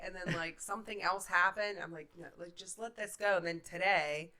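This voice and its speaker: A woman's voice: on the low side, fairly quick, few pauses. A woman co-hosting a podcast with a stuffy, nasal voice from a cold, telling stories in casual chat and mimicking others. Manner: animated storytelling, mimics others. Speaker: podcast co-host.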